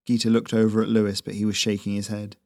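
A man reading his own fantasy fiction aloud in a steady, measured narration. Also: fairly low pitch, vocal fry, no room sound, clean studio sound. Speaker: author and narrator.

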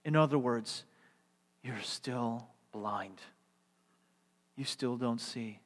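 A man's voice: mid-range voice, drawn-out words, pauses often. Reverberant male preacher. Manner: rhetorical questions, swings from emphatic to hushed. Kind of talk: sermon.

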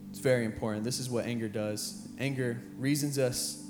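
A man's voice: mid-range voice, steady tone, normal speed. Young male pastor preaching over music. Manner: earnest, builds in intensity, repeats phrases. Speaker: high school pastor. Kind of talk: sermon. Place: church sanctuary with band playing behind. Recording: roomy church hall with live music.

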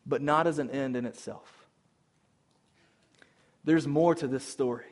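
A man preaching a sermon to his church, moving between loud emphatic calls and hushed, tender passages. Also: medium pitch, measured pace. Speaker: pastor. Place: church sanctuary.

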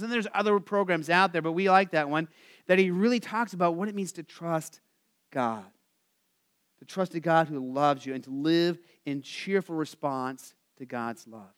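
A male pastor preaching a sermon, asking the congregation to answer back, rising animated and then dropping soft at phrase ends. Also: high voice, smooth. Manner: asks the congregation for call-and-response answers.

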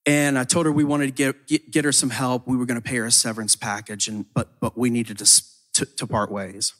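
A man's voice: medium pitch, little pitch movement, fairly quick, fairly bright tone. Man preaching in casual storytelling. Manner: casual storytelling with frequent "like" fillers and repeated words. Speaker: ministry leader. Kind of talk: sermon testimony.

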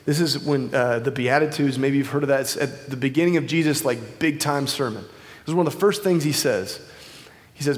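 A man's voice: mid-range voice, fairly quick. A man giving an informal sermon in a casual, conversational way with many fillers and restarts, speaking into a wireless microphone. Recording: long hall reverb.

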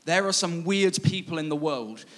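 A man giving a casual, humorous sermon, laughing and growing excited as he jokes with the congregation. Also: on the high side, moderate pace. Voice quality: playful, laughing, rising excitement when amused. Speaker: preacher.

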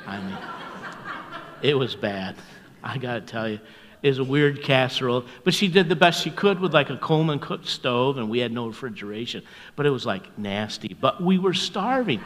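An older man preaching as a pastor, telling stories in a folksy, chuckling way and dropping to a hushed voice at tender moments. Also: medium pitch, expressive, normal speed, big-room sound, slight background noise. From North America. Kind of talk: storytelling sermon.

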